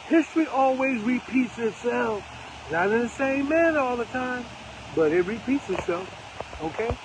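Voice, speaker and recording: Emphatic older man with a high voice. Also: noisy background. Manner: preachy, emphatic, repeats phrases for effect. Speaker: host of a live broadcast. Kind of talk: casual live-stream commentary.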